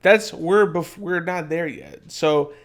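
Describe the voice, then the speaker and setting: Brief: young male co-host, slightly high voice, profane, recaps from notes. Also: slow pace, crowd noise. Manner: profane, reads episode notes. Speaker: podcast co-host. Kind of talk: casual recap chat.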